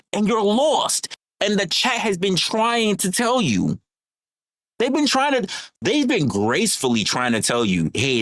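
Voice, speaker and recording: Livestream host, heated profane rant, repetitive scolding, lively swooping pitch, dry sound. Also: no room sound.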